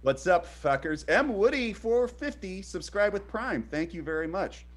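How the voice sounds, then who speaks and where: A man's voice: high-pitched, normal speed. A man co-hosting a casual streamed chat, rambling with many fillers and acting out the stories he tells. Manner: rambling, hesitant with many fillers, animated retellings. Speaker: podcast co-host.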